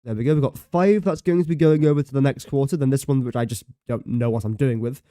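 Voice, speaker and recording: Mellow-voiced man thinking aloud while gaming. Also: mid-range voice, fast, dry recording, studio quality. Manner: thinks aloud, counts and does sums under his breath, self-mocking. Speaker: game streamer. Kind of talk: casual live-stream commentary.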